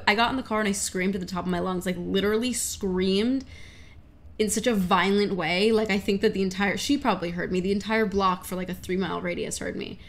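Chatty young woman with a gravelly edge. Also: mid-range voice. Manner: chatty, excitable, swears casually. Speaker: livestreamer answering chat questions. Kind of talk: casual chat.

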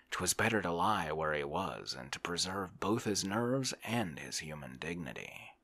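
A man reading a classic novel aloud in a soft, whispered ASMR style. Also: low voice, breathy edge. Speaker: audiobook reader.

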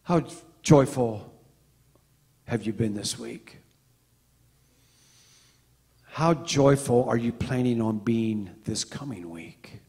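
Middle-aged male pastor, gravelly, storytelling sermon that swings loud to quiet, long church echo. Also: mid-range voice, takes it slowly, long pauses. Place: church sanctuary.

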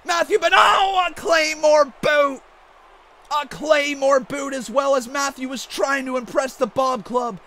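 High-voiced excitable wrestling game commentator man. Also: a little slow. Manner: excitable, often shouting. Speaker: gaming YouTuber. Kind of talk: mock wrestling play-by-play commentary.

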